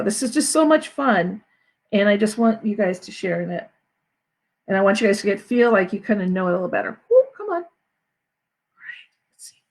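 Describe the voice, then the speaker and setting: A woman, a school principal, chatting casually to her students on a livestream, encouraging and quick to laugh, with restarts. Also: mid-range voice, creaky, slightly rough.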